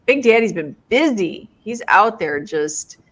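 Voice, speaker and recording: A woman's voice: medium pitch, very animated, a little slow. A woman co-hosting a casual live stream, bubbly and upbeat as she greets viewers by name and plugs their shows. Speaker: co-host of a live paranormal network show.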